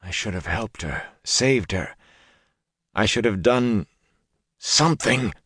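A man's voice: lowish voice, expressive, a little slow, gravelly, fairly bright tone, breathy edge, no echo, clean studio sound, full character voice. A man voicing a young male blacksmith fighter who is desperate and fierce, with strained, raw cries. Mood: anguished.

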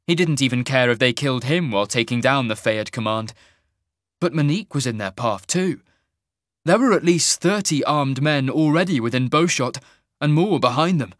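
A man narrating a fantasy audiobook in a measured, even storytelling manner. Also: mid-range voice, no room sound, studio quality.

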